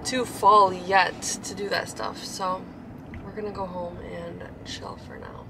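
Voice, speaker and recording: Young woman vlogging on her phone, kinda losing her voice, lots of likes, far from the mic w/ loud noise behind. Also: fairly low pitch, little pitch movement, slow pace, gravelly. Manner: chatty, lots of "like" fillers. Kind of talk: casual vlog chat. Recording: noisy, mic held at a distance.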